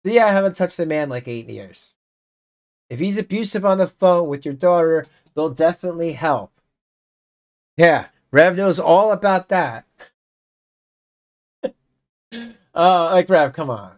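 Slow-talking channel host, sarcastic. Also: mid-range voice, animated. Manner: exasperated, sarcastic remarks between readings. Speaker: channel host reacting to messages. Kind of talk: casual commentary reading messages aloud.

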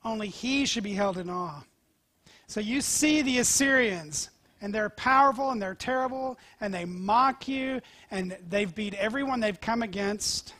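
A male pastor preaching a sermon, telling scripture stories with animated swings from loud to whispered. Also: high-pitched, a little slow, dry recording. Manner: animated storytelling, dropping to near-whispers.

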